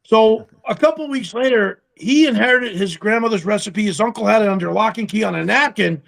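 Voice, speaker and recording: A high-voiced man with vocal fry talks briskly as an interview guest, the co-founder of a pickle company. He tells casual stories about starting the business, animatedly acting out the quoted dialogue and using some salty language.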